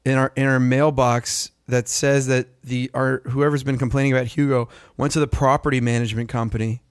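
A man's voice: medium pitch, a little fast, smooth, dry recording. A young man with an ordinary, mid-range voice chats casually. He tells his story with energy, acting out what others said and swearing easily. The sound is dry and close. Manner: animated storyteller, acts out quotes, swears freely. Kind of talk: casual chat.

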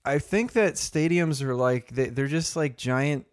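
A man in casual conversation, telling stories in a profane, animated way and mimicking other people's voices. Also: on the high side, measured pace. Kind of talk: casual chat.

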